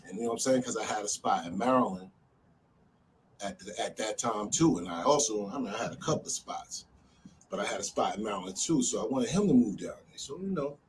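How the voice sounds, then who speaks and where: Guy from jersey spinning a street story, loose and animated, sounds a bit far off the mic with faint noise behind. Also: lowish voice, brisk. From New Jersey. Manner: animated, loose street talk full of "you know what I'm saying". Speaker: vlogger telling a street story. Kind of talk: casual storytelling.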